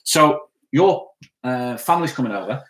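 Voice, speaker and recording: A man's voice: medium pitch, lively intonation, normal speed, fairly bright tone. A man co-hosting a casual live stream, talking bluntly and rambling as he answers viewer comments.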